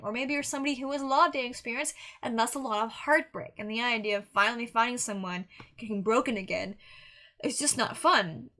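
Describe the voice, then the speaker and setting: Young woman, music reaction host, earnest and rambling; slightly high, bright voice. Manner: rambling, earnest, with frequent restarts and fillers. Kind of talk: casual song review monologue.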